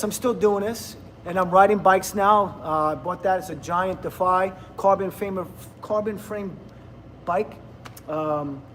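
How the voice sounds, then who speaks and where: A man's voice: sits high, a little hiss or hum. A man, rambling bluntly and laughing often in casual livestream chat with viewers. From New Jersey, USA. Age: 50s. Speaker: livestream host.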